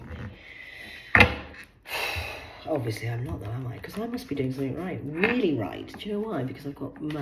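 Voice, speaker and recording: A woman's voice: deep voice, reverberant, slight background noise, low-quality recording. Rambling, swearing woman losing her voice. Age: 40s. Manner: swearing, rambling, swings between loud and hushed. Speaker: host. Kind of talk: rambling solo live chat reading aloud.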